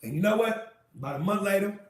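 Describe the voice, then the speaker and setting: High-voiced fervent preacher man, echoey. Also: animated, quick pace. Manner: fervent, repetitive call-and-response preaching, often shouting. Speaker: minister leading an online Bible study. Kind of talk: preaching sermon with personal testimony. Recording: echoey, distant from the mic, faint noise.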